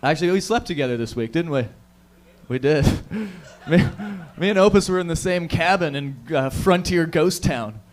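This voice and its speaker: A man's voice: on the high side, lively intonation, normal speed. Profane, loose-talking male comedy host. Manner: loose, profane, crowd-hyping. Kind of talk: stand-up hosting banter. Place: comedy show stage before a live crowd.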